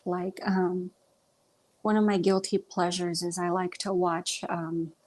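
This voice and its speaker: On the low side and darkish, with a level tone, a young Texan woman takes it slowly as she chats on her livestream. Her Southern accent comes through, and she sounds chatty, self-conscious, and full of ums.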